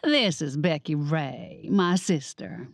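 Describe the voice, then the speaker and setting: A woman's voice: sits low, animated, takes it slowly, no echo, studio quality, full character voice. A woman voicing a sweet, vacant bakery owner in an audiobook. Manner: sugary, vacant, drawling.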